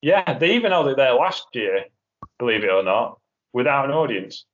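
A man's voice: mid-range voice, sing-song, normal speed. A man hosting a casual wrestling podcast, chatty and wry with rambling asides. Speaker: podcast host. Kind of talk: casual chat. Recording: dull lo-fi podcast audio.

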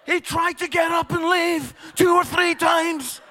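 A man's voice: very high-pitched, steady tone, unhurried, bright, forceful tone, a little hiss or hum. A man telling funny stories to an audience, acting out the characters and laughing along. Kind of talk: comic storytelling to an audience.

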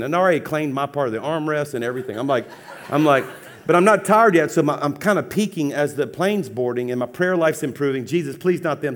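A man preaching as a pastor, telling a funny personal story with lively, laughing acted-out dialogue. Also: a little high. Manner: animated, humorous, acts out dialogue with laughs. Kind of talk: sermon storytelling.

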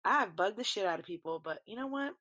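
A woman's voice: medium pitch, expressive, fast talker, pushed and bright. A young woman, chatting casually on her podcast, rambling and swearing freely. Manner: rambling, swears freely, talks to listeners as y'all. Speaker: podcast host. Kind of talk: casual solo chat.

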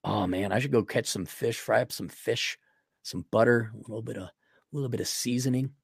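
A man hosting a podcast, reading out donor messages and answering them in blunt, crude, rambling talk that swings from loud outbursts to low muttering. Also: steady tone, fairly quick, gravelly, slightly rough, no echo, studio quality. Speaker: podcast host. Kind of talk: livestream donation reading.

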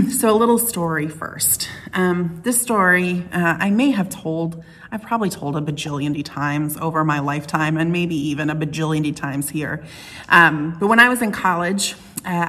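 A woman's voice: lowish voice, fairly bright tone. A middle-aged woman pastor delivering a conversational sermon, telling stories with playful asides. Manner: chatty storytelling with playful asides.

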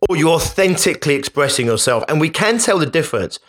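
A man's voice: a little high, expressive, quick pace, fairly bright tone. A man hosting a podcast, speaking in an emphatic, conversational motivational monologue that often repeats itself. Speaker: podcast host.

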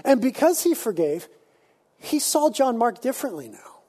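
A male pastor with a high-pitched voice and a husky, breathy edge, preaching in a lively, casual manner. His tone is mellow and dark rather than bright. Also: moderate pace. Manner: animated, conversational preaching with casual slang. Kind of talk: sermon.

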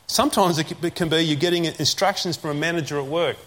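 High-voiced man preaching with slow emphasis. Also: a bit bright. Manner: emphatic, repeats key phrases, slows down to stress commands. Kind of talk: sermon.

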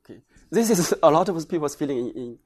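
A man from China speaking English, presenting research findings in a halting lecture style full of hesitations. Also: fairly high pitch, lively intonation, darkish tone. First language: Chinese.

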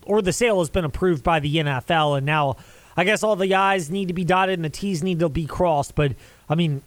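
A man hosting a sports talk show, chatting casually with rambling asides. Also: high-pitched. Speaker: sports talk radio host.

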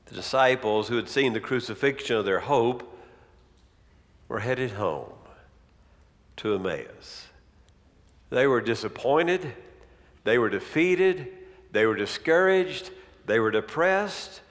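A man's voice: mid-range voice, expressive, slow, long pauses. A man preaching an expository sermon with a dramatic, rhetorical delivery. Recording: long reverb of a large hall.

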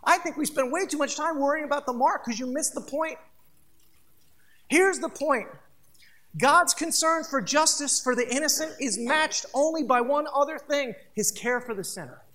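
A bright, forward-sounding pastor in the middle of a sermon. The delivery is emphatic yet conversational, piling up repeated phrases and turning to speak directly to the congregation. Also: high-pitched, normal speed.

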